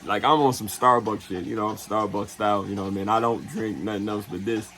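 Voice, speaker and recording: Here a travel vlogger with a lowish, steady, slightly bright voice tells a travel story casually. His delivery is loose and profane, heavy on "you know what I'm saying," and he acts out what others said using quick character voices.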